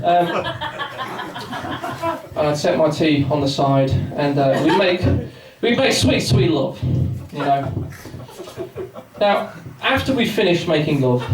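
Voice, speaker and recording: A man's voice: high voice, lively intonation, unhurried, pauses often, recorded from a distance. A young man in his twenties from England doing a rambling, self-mocking stand-up set and bantering with the crowd. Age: 20s. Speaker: stand-up comedian. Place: pub function room with a live audience. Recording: echoey pub room recorded from afar. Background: audience laughter and chatter.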